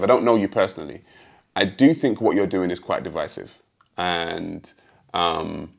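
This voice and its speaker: Low, gravelly British man. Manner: measured, calmly pointed. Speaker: host answering a critic. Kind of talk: direct-address response video.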